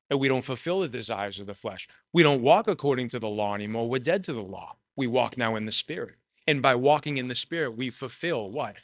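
A man's voice: medium pitch, bright, forceful tone, dry recording. A man preaching a sermon, earnest and personal, repeating phrases for emphasis. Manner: shares personal testimony.

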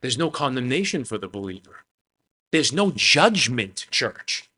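A man's voice: mid-range voice, very animated, a little slow, pushed and bright, slightly rough. A man, the pastor, giving a conversational sermon to his church, talking casually with lots of "man" and "you know".

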